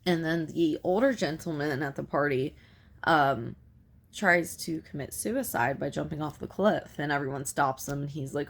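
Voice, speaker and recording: A woman talks through a film's story for a review, loose and conversational, stringing events together with "and" and "like". Her voice sits low in pitch. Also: moderate pace. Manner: rambling retelling full of "like" and "you know". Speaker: film reviewer. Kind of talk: casual film review recap.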